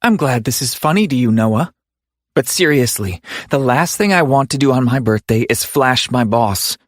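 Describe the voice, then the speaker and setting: A man's voice: medium pitch, lively intonation, normal speed, no echo, clean studio sound, voice pushed up, close to an everyday voice. A man voicing a feisty, sassy young woman in an audiobook, snapping indignant retorts. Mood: exasperated. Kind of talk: audiobook character voice.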